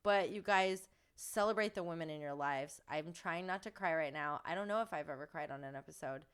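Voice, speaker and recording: A woman's voice: low-pitched, brisk, a bit bright, clear, resonant tone. A woman hosting a podcast in casual chat, gushing and talkative, laughing often in a studio. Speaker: podcast host.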